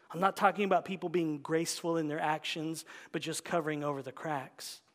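A male pastor preaching a sermon, swinging from loud calls to hushed whispers. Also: a little high. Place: church sanctuary. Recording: long reverb in a large church hall.

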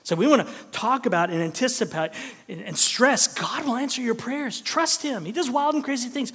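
A man preaching a sermon as pastor, animated and swinging from loud emphasis to hushed near-whispers. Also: extremely high pitch, moderate pace, breathy edge. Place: church sanctuary. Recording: long reverb of a large church hall.

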